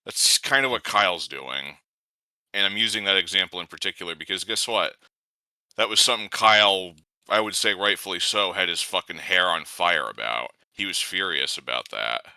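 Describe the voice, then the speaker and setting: A man's voice: sits low, normal speed, vocal fry, pushed and bright, clear, resonant tone, dry recording, rough recording. A man co-hosting a casual political commentary show, sardonic and heated, swearing now and then. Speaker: podcast co-host.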